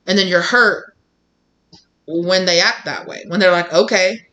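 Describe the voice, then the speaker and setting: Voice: mid-range voice, measured pace, bright, forceful tone. A tarot reader talking straight to viewers, blunt and emphatic, repeating phrases and acting out what other people say. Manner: swears casually. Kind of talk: tarot reading, direct address to viewers.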